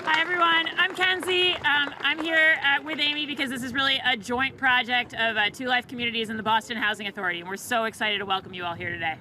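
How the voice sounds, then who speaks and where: A woman's voice: fairly high pitch, fairly even intonation, quick pace, few pauses, bright, forceful tone, a little hiss or hum, rough recording. A woman administrator opening a public ceremony in a casual way, with lots of ums and uhs. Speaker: housing authority administrator. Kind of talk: ceremony emcee remarks. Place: outdoor ceremony.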